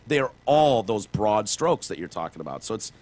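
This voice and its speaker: A man's voice: on the low side, big pitch swings, moderate pace, darkish tone. A man hosting a podcast, asking questions in an easygoing, loose way with lots of fillers. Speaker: podcast host. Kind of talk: casual interview chat.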